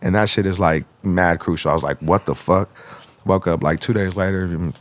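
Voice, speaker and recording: A man's voice: low voice, moderate pace, no room sound. A man from Arizona, a rapper guest telling stories in a casual interview, swearing freely and acting out what others said. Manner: profane, rambling, acts out others' lines.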